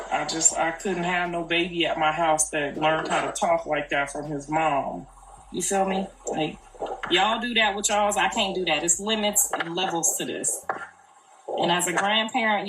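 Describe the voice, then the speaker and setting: An older woman, a grandmother, talking casually and earnestly on a live stream, repeating herself in colloquial speech. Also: lowish voice. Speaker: grandmother speaking on a live video. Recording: echoey, distant, noisy.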